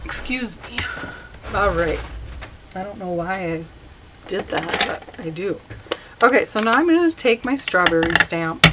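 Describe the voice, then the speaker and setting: A woman teaching a casual stamping tutorial, chatty and unhurried as she talks while working. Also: mid-range voice, heavy background noise. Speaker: card-making instructor.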